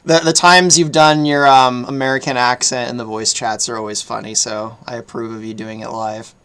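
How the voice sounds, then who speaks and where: A man hosting a casual chat, relaxed and soft-spoken, laughing easily. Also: mid-range voice, moderate pace, clear, resonant tone. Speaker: host.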